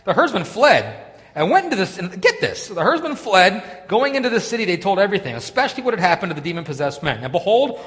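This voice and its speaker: A male pastor delivers an animated sermon in a slightly high voice, mixing loud scripture reading with quiet, chatty asides. His pitch rises and falls with a lot of life. A long hall reverb hangs behind him. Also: quick pace.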